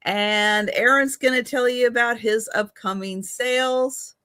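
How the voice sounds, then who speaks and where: A woman hosting a live sale stream, chatty and quick to laugh. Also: on the high side, steady tone, bright, forceful tone, clear, resonant tone, no room sound, studio quality. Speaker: host of a live sale show.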